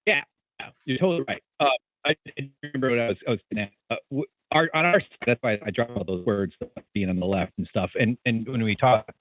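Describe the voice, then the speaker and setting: A man calling in to a radio show, speaking haltingly with frequent restarts. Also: mid-range voice, no room sound. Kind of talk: casual call-in chat. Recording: dull lo-fi line with guitar music behind.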